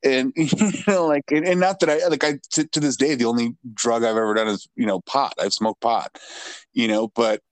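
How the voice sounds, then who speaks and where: A man co-hosting a podcast, thinking aloud in a reflective, halting, casual way. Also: mid-range voice, fairly even intonation, no room sound. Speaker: podcast co-host.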